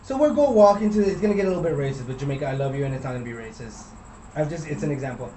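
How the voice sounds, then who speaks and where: A man's voice: medium pitch, lively intonation, racing, mellow. A young man from Laredo, Texas, telling a long story in a rambling, profane way that trails off into mumbles. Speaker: podcast co-host telling a story. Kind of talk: casual storytelling. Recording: roomy room, mic at a distance, faint hiss.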